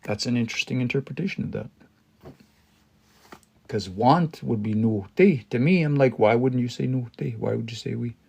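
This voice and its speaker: Male learner teaching on a live stream, mid-pitched, thinks aloud, frequent pauses and restarts. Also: vocal fry, dark tone, slightly rough. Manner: thinking aloud, pausing and restarting, reading phrases slowly. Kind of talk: casual live-stream language study.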